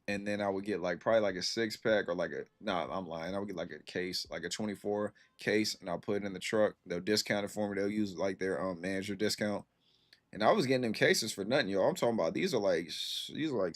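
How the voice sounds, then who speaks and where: A young man talks loosely to his stream viewers, slangy and unhurried. His voice sits a little low, and he comes through a close computer mic. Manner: laid-back slangy storytelling, reacting to chat. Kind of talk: casual chat with stream viewers.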